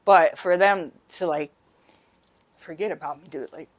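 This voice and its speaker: Halting, emotional woman telling her story. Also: fairly low pitch. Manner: halting, emotional, with frequent "right?" and "you know". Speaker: guest sharing her recovery story. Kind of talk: candid conversational storytelling.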